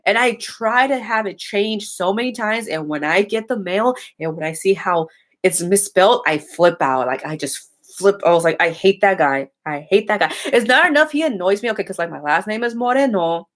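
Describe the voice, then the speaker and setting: A woman's voice: mid-range voice, expressive, normal speed. A young woman chatting casually and bluntly with her viewers, swearing freely and rambling with many restarts. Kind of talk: casual chat.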